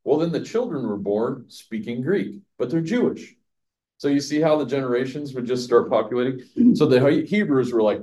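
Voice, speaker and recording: A man's voice: mid-range voice, lively intonation, moderate pace, warm tone. A man teaching a Bible passage verse by verse, chatty, asking his listeners questions and laughing at his own jokes. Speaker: pastor teaching a Bible study.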